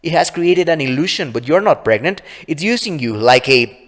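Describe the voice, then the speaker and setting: A man's voice: on the high side, expressive, normal speed, a bit bright, pitched above the performer's own voice. A man voicing an anxious young man who speaks urgently and insistently, with a long reverb on the recording.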